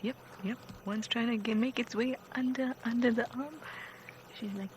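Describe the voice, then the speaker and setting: A woman with a slightly high voice gives hushed, often whispered wildlife commentary from a game vehicle. Bush ambience is clearly audible behind her as she speaks softly with quiet excitement. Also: normal speed, noisy background. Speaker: safari guide. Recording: outdoor live stream with wildlife ambience.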